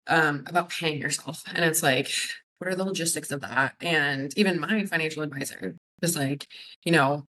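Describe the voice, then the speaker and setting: A woman's voice: low voice, moderate pace, bright, forceful tone, poor audio. Thoughtful woman guest on a podcast. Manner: conversational, hesitant fillers, thoughtful. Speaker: marketing educator. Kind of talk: casual podcast interview.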